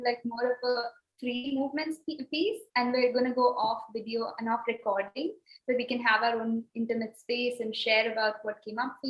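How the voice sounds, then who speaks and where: A woman co-hosting a podcast, wrapping up in a casual, grateful, rambling way over a video call. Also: a little high. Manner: warm, grateful, rambling with fillers. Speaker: podcast co-host. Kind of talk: casual wrap-up talk. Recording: echoey, dull lo-fi call audio.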